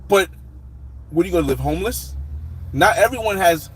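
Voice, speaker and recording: A man hosting a casual livestream, reading viewer comments and rambling through his thoughts with loud shout-outs. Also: high-pitched, expressive, moderate pace, slightly rough, poor audio. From United States. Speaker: livestream host.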